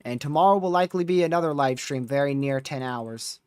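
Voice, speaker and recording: A man's voice: a little high, brisk, smooth, no room sound, studio quality. A tired, yawning man hosting a weather livestream, casually rambling through a recap of past days. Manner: rambling, relaxed recap with fillers. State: exhausted, yawning. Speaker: storm chaser livestream host.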